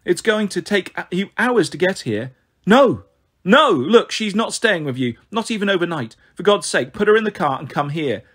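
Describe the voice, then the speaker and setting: A man's voice: sits high, big pitch swings, normal speed, a bit bright, breathy edge, voice pushed up, exaggerated voice. A man doing a desperate, pleading mother. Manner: pleading, emotional. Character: distraught, unstable adult mother pleading on the phone.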